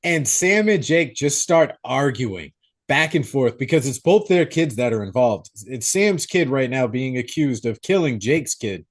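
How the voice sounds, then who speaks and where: A young man co-hosting a podcast, recapping a horror movie in a profane, animated way. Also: medium pitch, unhurried. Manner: profane, animated storytelling with acted-out quotes. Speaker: podcast co-host. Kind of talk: casual movie recap chat.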